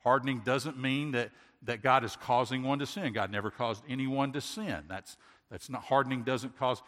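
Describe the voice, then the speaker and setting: A man's voice: mid-range voice, moderate pace, fairly bright tone. A pastor giving a sermon in an earnest way, asking rhetorical questions and often restarting his sentences. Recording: long hall reverb.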